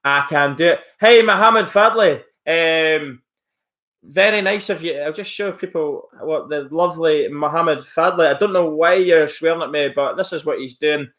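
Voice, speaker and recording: A man's voice: on the high side, normal speed, a bit bright. A man live-streaming from home, rambling casually as he reacts to chat messages and mocks a troll. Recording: roomy echo.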